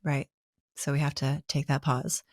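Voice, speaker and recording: A woman co-hosting a relationship advice talk, explaining ideas in a measured, teacherly way. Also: very deep voice, completely flat delivery, darkish tone, dry recording, clean studio sound. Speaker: podcast co-host.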